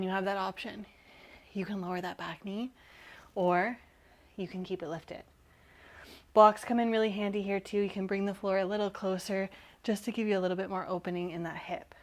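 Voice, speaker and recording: A woman instructor giving calm, encouraging yoga cues while moving, slightly out of breath. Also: medium pitch. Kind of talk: guided yoga class cues.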